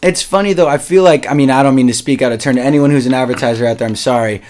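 A man hosting a podcast in relaxed, casual chat, often filling his talk with "like" and "dude.". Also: medium pitch, very fast, a little hiss or hum. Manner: relaxed, chatty, says "dude" and "like" a lot. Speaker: podcast host.

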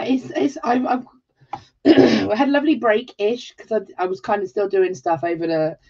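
An English woman from England, hosting a live jewellery tutorial in a warm, chatty way, greeting viewers by name and exclaiming often. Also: fairly low pitch. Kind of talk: chatty livestream talk. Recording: slightly dull livestream audio.

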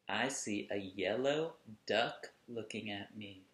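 A man working as a children's museum educator, reading a picture book aloud to kids in a gentle, expressive, playful way. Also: fairly low pitch, takes it slowly, few pauses, reverberant.

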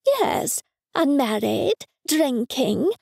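A woman's voice: sits high, sing-song, extremely slow, creaky, a little mellow, no room sound, voice pushed up, full character voice. A woman voicing a fussy, superstitious older mother who scolds her daughter in a raised, insistent voice. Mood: scolding.

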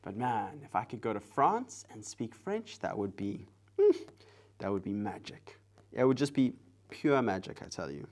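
A man hosting a live drawing stream, chatting casually with viewers in a soft, relaxed way while he works. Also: fairly low pitch, moderate pace. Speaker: live-stream artist host.

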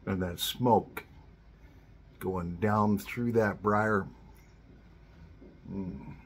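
A middle-aged man hosting a relaxed vlog as he smokes his pipe, murmuring slow, savoring remarks between puffs. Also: on the low side, husky. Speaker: pipe smoking channel host.

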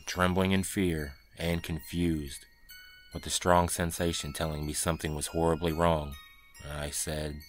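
A man's voice: very deep voice, flat delivery, unhurried, soft background music. A man narrating a scary first-person story in a tense, dramatic way. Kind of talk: scripted horror narration.

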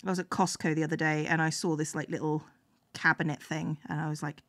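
A woman's voice: deep voice, little pitch movement, quick pace, fairly bright tone. A woman hosting a live stream, chatting casually and making dry, wry remarks. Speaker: streamer, host. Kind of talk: casual chat.

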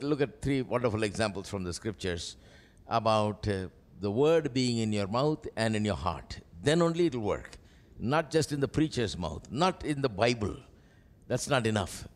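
A man from India preaching a sermon at a live church service, animated and sprinkling his talk with "you know". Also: on the high side, long reverb tail. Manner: animated preaching, acts out quoted voices, frequent "you know". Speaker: pastor.

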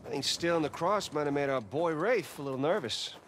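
A man's voice: on the high side, expressive, a little fast, a bit bright, a little hiss or hum. An actor playing a sly, restless male adventurer and older brother in a video game cutscene, teasing and knowing.

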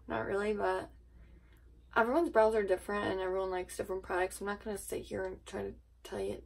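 A woman's voice: medium pitch, steady tone, brisk, gravelly, breathy edge. A woman vlogger chatting casually through a makeup tutorial, rambling with self-deprecating asides, filmed at home on a tripod camera.

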